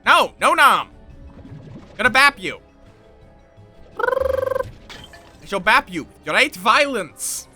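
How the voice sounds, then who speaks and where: Streamer putting on a comedic Russian-accented brute; slow, grave, overdone menace, tight bright tone. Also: male voice, sits high, very animated, vocal fry, soft background music, exaggerated voice. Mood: mock menace. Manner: slow, exaggerated, mock-grave threats. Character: mock-menacing Russian-accented man, theatrical. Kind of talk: gaming livestream.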